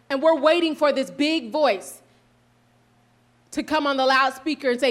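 A woman giving a sermon, reading scripture aloud and explaining it earnestly, slowing down for emphasis and correcting herself now and then. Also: sits high, fairly bright tone. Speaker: preacher.

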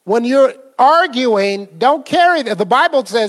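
A man's voice: very high voice, animated, unhurried, a bit bright, big-room sound. A man preaching a sermon in a conversational way, quizzing the congregation and laughing often. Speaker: pastor.

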